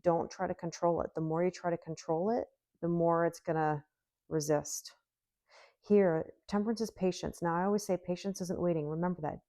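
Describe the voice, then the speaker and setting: A woman's voice: on the low side, warm tone, dry recording. A woman doing a solo tarot reading, chatty and giggly, musing aloud with lots of hmms. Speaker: tarot reader.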